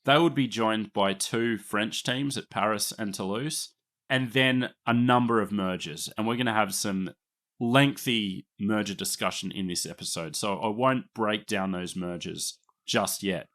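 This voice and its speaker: Aussie guy hosting a podcast, lowish voice, chatty explainer. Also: unhurried, fairly bright tone. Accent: Australian. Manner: explanatory, chatty, laughs easily. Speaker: podcast host. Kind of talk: casual history podcast narration.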